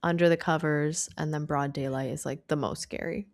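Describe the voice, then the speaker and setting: A young woman co-hosts a podcast, chatting casually and thinking out loud, often restarting her sentences. Her low, steady voice is a little mellow and moves at normal speed, captured in a studio-quality recording with no echo.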